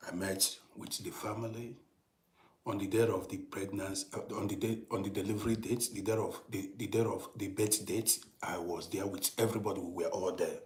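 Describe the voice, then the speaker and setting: A middle-aged man telling a personal story in a casual monologue, dropping to hushed whispers and rising to loud, emphatic bursts, often repeating and restarting phrases. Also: on the low side, steady tone, brisk, roomy sound. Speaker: storytelling channel host.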